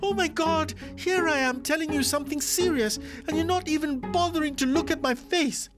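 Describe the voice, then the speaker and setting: A shrieking, scandalised aunty. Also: male voice, very high-pitched, moderate pace, music in the background, voice pushed up. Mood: outraged. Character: shrill, excitable middle-aged Hindu housewife.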